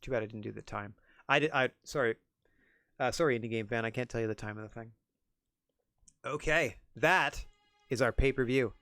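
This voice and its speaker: A man streaming a game, chatting casually in a rambling, self-effacing, soft-spoken way. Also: mid-range voice, a little fast, long pauses, no echo, soft background music. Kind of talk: casual chat while playing.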